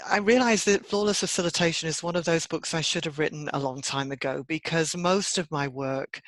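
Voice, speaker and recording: A middle-aged woman, a trainer and consultant, answering interview questions in an articulate, measured way and laughing easily. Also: low-pitched, a bit bright, dry recording, rough recording.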